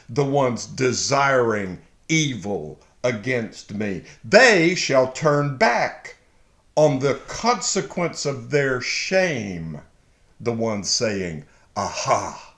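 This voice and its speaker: Slow, animated man teaching scripture. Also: lowish voice. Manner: slow and halting, with sudden excited shouts. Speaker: Bible teacher. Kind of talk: casual verse-by-verse Bible reading and commentary. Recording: echoey room.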